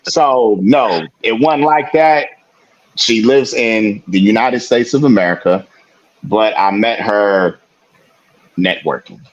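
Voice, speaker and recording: A man's voice: lowish voice, takes it slowly, dull audio. A man co-hosting a podcast, telling a story in casual chat, laughing often and swearing freely. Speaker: podcast co-host.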